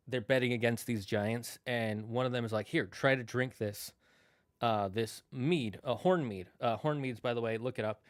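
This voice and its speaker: A man's voice: mid-range voice, no room sound, clean studio sound. A man streaming and chatting casually, telling old myth stories in a rambling, self-correcting way. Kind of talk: casual storytelling while streaming.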